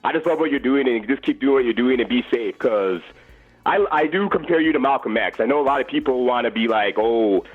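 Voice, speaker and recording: A Canadian man with a Canadian accent calling a talk show on a muffled, lo-fi phone line. His pitch sits mid-range, and he speaks earnestly, stopping and restarting his sentences. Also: faint music behind. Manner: earnest and halting, with many restarts. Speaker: caller. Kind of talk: phone-in chat.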